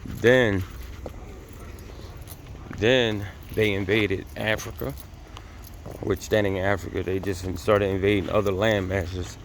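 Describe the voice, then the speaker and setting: A man's voice: fairly low pitch, fairly even intonation, slow pace, pauses often, slight background noise. A man vlogging from his car, preaching bluntly and cursing as he talks to his viewers. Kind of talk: casual religious rant to viewers.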